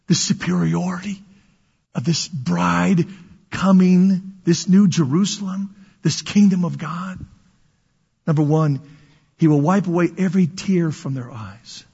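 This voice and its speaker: A man with a high, husky voice preaches a sermon, dropping to hushed whispers and then swelling back up. He often repeats words as he starts phrases over. The sound is muffled and carries a long reverb, like a big sanctuary. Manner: dramatic swings from loud to hushed whispers. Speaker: pastor.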